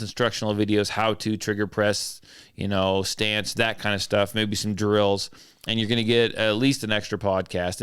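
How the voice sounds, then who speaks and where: A man's voice: fairly low pitch, a bit bright, clear, resonant tone, no echo, studio quality. A man hosting a podcast in casual chat, loose and joking about himself. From southern Idaho. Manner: loose, joking, self-deprecating. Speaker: podcast host.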